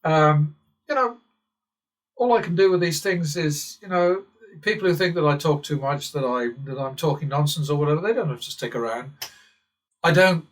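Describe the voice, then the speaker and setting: An English man runs his own channel, talking at a moderate pace in a slightly high voice captured on a distant mic. He's digressive and sardonic, chuckling often as his monologue drifts.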